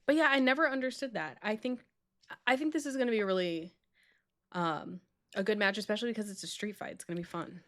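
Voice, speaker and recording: A woman's voice: mid-range voice, quick pace, a bit bright. A woman co-hosting a live stream in casual chat, talkative, laughing often and mock-stern with her co-host.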